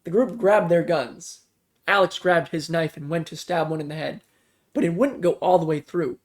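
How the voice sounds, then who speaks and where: A man reading a fan-written zombie story aloud in a plain, quick manner, jumping louder for dialogue. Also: fairly high pitch. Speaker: story reader.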